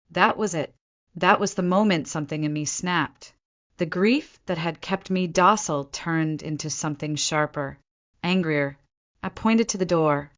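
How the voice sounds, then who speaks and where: A woman narrating a first-person story in a measured storytelling way, on a dull lo-fi recording. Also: low voice.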